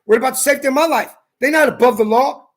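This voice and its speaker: A man, telling an angry, profane story and ranting, shouting at times. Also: very high voice, fast talker. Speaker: ranting commentator. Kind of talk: angry personal rant and storytelling.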